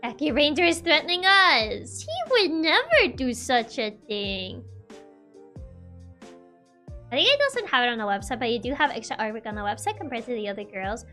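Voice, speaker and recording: Giggly high-voiced woman streamer. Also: big pitch swings, normal speed, sharp tone, soft background music. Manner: giggly, laughs often between remarks. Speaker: virtual streamer. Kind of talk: casual livestream chat with viewers.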